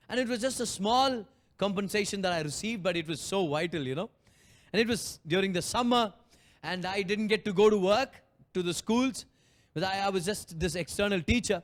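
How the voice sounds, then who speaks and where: A man preaching a sermon as pastor, telling a personal story with passion and acting out prayers and quotes. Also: sits high.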